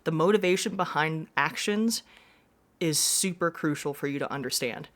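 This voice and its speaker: A woman's voice: deep voice, normal speed. A woman teacher giving a classroom lesson, explaining step by step with frequent reminders.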